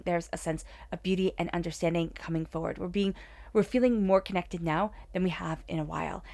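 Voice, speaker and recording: Gentle woman reading tarot cards, lowish voice, calm and cheerful. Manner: soft, soothing and upbeat, with whispered meditation passages. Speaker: tarot reader.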